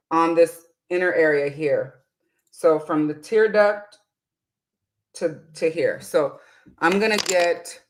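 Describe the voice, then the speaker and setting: Brief: unhurried woman vlogger, somewhat low voice, casual and chatty. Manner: chatty, reads viewer comments aloud, laughs often. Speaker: beauty vlogger. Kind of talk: casual makeup tutorial chat.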